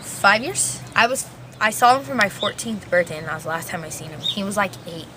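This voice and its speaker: An eighteen-year-old woman telling her story in a casual, animated interview. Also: mid-range voice, fairly quick, noisy background. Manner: animated retelling with acted quotes, casual.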